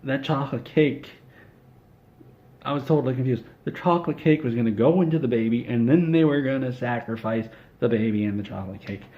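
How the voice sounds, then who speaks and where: A man tells an absurd comedic story in a rambling, offhand way, full of fillers and restarts. His mid-range voice moves a little fast, and the sound is lo-fi.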